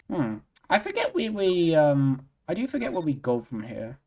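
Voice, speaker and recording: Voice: mid-range voice, wildly swooping pitch, moderate pace, few pauses, warm tone. A streamer giving jokey playthrough commentary and reading a game's text aloud. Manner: playful, jokey, mutters to self.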